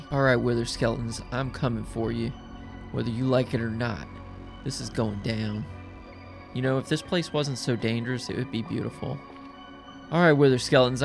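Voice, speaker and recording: Gravelly, taunting gaming commentator man. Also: mid-range voice. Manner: taunting, excitable trash talk. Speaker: gaming YouTuber. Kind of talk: gameplay commentary.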